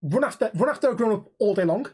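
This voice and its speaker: A man's voice: high-pitched, expressive, fast talker, darkish tone, breathy edge. A young man, co-hosting a podcast and telling stories in casual chat, swearing freely and acting out the people in them. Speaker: podcast co-host.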